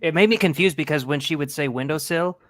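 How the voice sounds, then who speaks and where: A man's voice: fairly high pitch, fast, a bit bright. A man in a casual podcast chat, telling rambling stories and quoting his mother. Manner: rambling anecdotes, quotes his mom.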